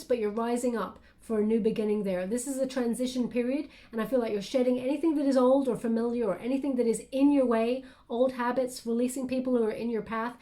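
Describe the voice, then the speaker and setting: A woman's voice: on the high side, warm tone. A woman giving a channeled tarot reading to camera, musing and hesitant, with many fillers and restarts. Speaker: tarot reader.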